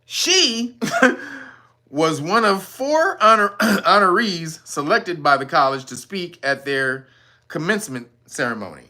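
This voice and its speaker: A man hosting a casual news commentary stream, talking in a profane, animated way and often laughing. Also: high voice, slow. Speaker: channel host.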